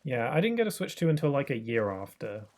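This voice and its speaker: A man's voice: medium pitch, big pitch swings, a little fast, darkish tone. A young man in his twenties chatting casually while streaming a game, rambling with lots of fillers and restarts. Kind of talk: casual live-stream gaming chat.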